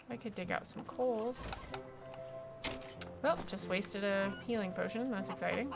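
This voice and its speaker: A woman chats to herself as she plays a video game, musing and muttering between tasks. Her voice sits in a middle pitch, and loud game music plays underneath. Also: slow pace, vocal fry, long pauses. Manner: chatty, talks to herself while playing. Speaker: streamer. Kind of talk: casual let's-play commentary.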